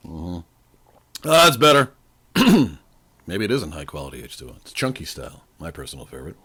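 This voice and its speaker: A man's voice: lowish voice, very animated, normal speed, a bit bright. Jokey New man hosting a trivia quiz. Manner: jokey, rambling, talks straight to listeners; stops to sip water between questions. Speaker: trivia podcast host.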